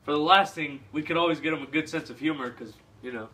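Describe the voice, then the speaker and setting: A man's voice: fairly high pitch, fast talker, few pauses, pushed and bright. A man in a comedy sketch, speaking in an offhand, mocking way. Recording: distant mic with clicking noise.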